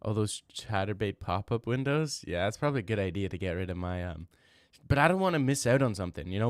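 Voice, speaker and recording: A brash young man talks casually on a livestream, answering his chat in loose, slangy bursts. His voice sits low, and the sound is dry and close with no room around it. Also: no room sound. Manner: brash, trash-talking, slangy, rambling. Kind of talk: casual live-stream chat.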